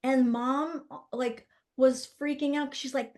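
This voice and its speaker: A middle-aged woman, a doula, telling stories in a casual interview, animated and full of fillers as she acts out what others said. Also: high-pitched, normal speed, hardly any pauses. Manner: animated, acts out quoted voices with many fillers. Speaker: guest, doula and spirit baby psychic.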